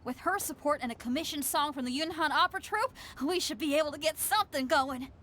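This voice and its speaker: A woman's voice: high voice, fast, pushed and bright, a little hiss or hum. An actress voicing a brash young woman rock musician with a strong Southern US accent in a video game. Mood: eager. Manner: bold, breezy, confident.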